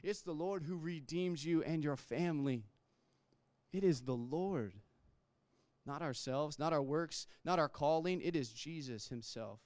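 A man's voice: fairly high pitch, moderate pace, few pauses, no echo. A man preaching a sermon in a conversational way, restarting words and acting out quotes. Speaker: pastor.

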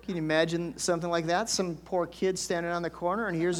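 A man's voice: sits high, little pitch movement, fast, heavy background noise. An older man, a pastor, preaching a conversational storytelling sermon with folksy asides and emphatic swells.

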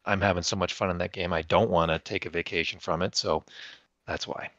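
Thoughtful man, low voice, muffled audio. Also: fairly even intonation, a little fast, sharp tone, no room sound. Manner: thoughtful, hesitant, many fillers. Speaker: podcast co-host. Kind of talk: casual chat.

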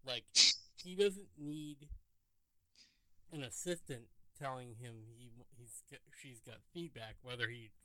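A man's voice: mid-range voice, a little slow, fairly bright tone, low-quality recording. A man co-hosting a podcast, casually discussing a TV episode and hedging his views, with many "like"s, often trailing off. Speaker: podcast co-host.

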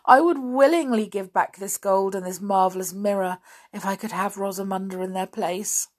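A woman's voice: mid-range voice, normal speed, natural voice. A woman reading a storybook aloud, voicing a remorseful, loving old king who pleads with emotion.

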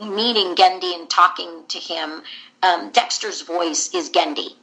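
Bright-toned woman voice actor telling stories. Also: lowish voice, a little slow, low-quality recording. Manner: candid, rambling storyteller. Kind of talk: interview guest recounting career.

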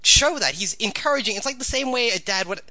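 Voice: medium pitch, fast talker, pushed and bright. A podcast co-host giving thoughtful opinions on a movie in a casual chat.

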